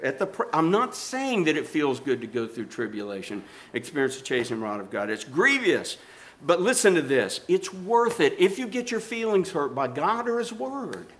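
A man's voice: a little high, big pitch swings, moderate pace, fairly bright tone. An older man preaching a sermon, rising and falling in intensity and calling for amens. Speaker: pastor.

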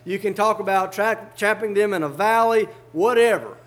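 A man's voice: high-pitched, normal speed, a bit bright. A man preaching a sermon, fervently reading old scripture aloud and explaining it in plain everyday words.

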